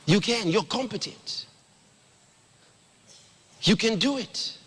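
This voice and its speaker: A male preacher with a high voice that leaps all over its range. His delivery is bright and forceful, heard with a long hall reverb. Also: expressive, slow pace, long pauses, breathy edge. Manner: exclamatory, calls on the congregation to repeat scripture. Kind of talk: sermon.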